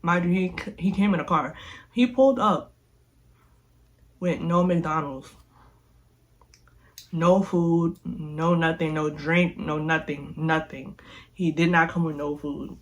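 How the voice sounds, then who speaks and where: A young woman vlogger casually telling a storytime, animated and slangy, often repeating herself. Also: low-pitched, slow pace, pauses often, lo-fi sound.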